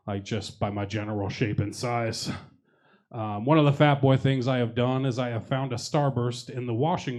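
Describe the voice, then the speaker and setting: A young man doing a stand-up comedy set on a club stage, ranting in mock outrage, his pitch climbing as he gets worked up. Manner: animated, rants with rising pitch in mock outrage.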